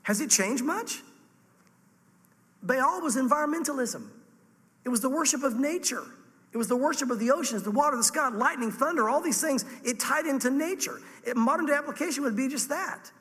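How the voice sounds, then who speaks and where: A male pastor preaching a sermon fervently and emphatically, with sudden jumps up and drops down in pitch. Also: expressive, fairly quick, a bit bright. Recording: long hall reverb.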